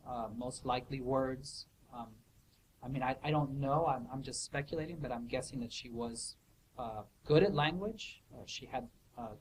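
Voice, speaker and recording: A man's voice: medium pitch, a little hiss or hum, rough recording. A man answering student questions in a casual academic way, thoughtful and hesitant, with many fillers and restarts. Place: office hour recording.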